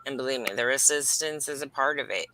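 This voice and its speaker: A woman's voice: rumbling low, fast, sharp tone, low-quality recording. A woman reading human design charts, talking casually and emphatically, rambling with fillers. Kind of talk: casual spiritual teaching chat.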